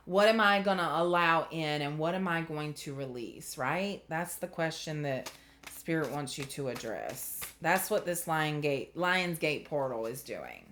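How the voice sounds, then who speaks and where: Woman, tarot reader, unhurried, earnest, emotional, chatty with fillers. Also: sits low, animated, fairly bright tone, slight background noise. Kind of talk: casual spiritual reading to camera.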